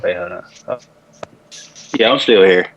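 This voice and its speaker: A man calling into a podcast remotely, speaking slowly and unhurriedly. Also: low-pitched. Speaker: remote guest. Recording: dull lo-fi line with room noise.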